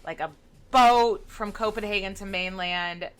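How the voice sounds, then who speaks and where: A woman's voice: medium pitch, measured pace, a bit bright, clean tone. A woman co-hosting a podcast in casual, wry chat about history. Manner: chatty, wry, swearing. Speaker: podcast co-host.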